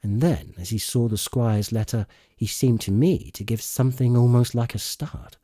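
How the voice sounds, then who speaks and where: A man narrating an audiobook in slow, expressive storytelling. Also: medium pitch, no room sound, studio quality. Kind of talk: scripted narration.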